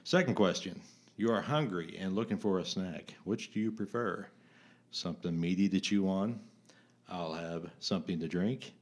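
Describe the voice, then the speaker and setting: A man's voice: deep voice, normal speed. A man co-hosting a podcast, reading a magazine quiz aloud in a playful, joking way. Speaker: podcast co-host.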